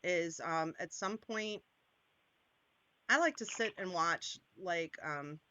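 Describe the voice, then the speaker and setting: A woman from Maryland hosts a channel and chats casually, rambling, laughing a lot and interrupting herself. Her voice is fairly low, expressive and sharp, and she takes it slowly. There's no echo.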